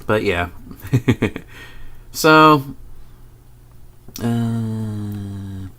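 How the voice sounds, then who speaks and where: A man's voice: fairly low pitch, expressive, extremely slow, pushed and bright. A man vlogging, telling a story casually in a rambling, profane way with many restarts. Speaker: video blogger.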